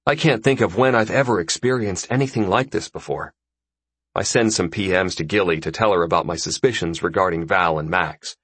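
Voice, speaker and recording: Low, husky male audiobook narrator. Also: a little fast, a bit bright, no echo. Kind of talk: first-person story narration.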